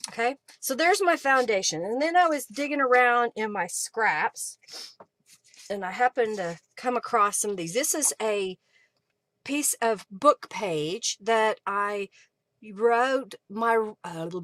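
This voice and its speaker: A woman's voice: mid-range voice, a bit bright, no echo. A woman hosting a live crafting stream, chatting casually and thinking aloud as she works at her craft table and answers viewers. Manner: chatty, thinks aloud while working, reads viewer comments. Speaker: craft livestream host.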